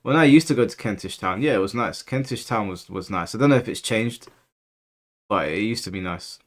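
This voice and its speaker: A man's voice: fairly low pitch, fairly quick. A man in his thirties from London with a London accent, hosting a livestream and chatting casually with viewers, rambling through stories and acting out quoted speech. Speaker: livestream host.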